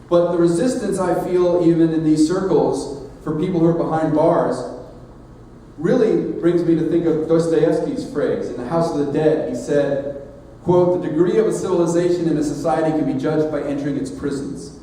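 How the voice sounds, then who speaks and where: A middle-aged man giving a sermon-style address as leader of a society, speaking in a measured, earnest way with emphatic pauses. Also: on the high side, warm tone, slight background noise. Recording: echoey hall, mic at a distance.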